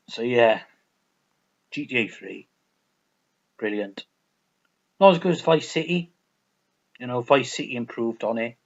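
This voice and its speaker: A man rambles through a casual game rant, swearing constantly and circling back over his own words. His voice sits at an ordinary middle pitch. The recording is slightly dull and lo-fi. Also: lively intonation, normal speed, long pauses. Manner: rambling, profane, repetitive. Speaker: gaming vlogger.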